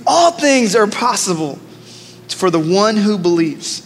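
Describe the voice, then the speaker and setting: High-voiced preacher man in a reverberant church. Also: a little slow. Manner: energetic, humorous, leads congregation call-and-response. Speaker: pastor. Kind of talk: sermon. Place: large church sanctuary. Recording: long church reverb, faint noise.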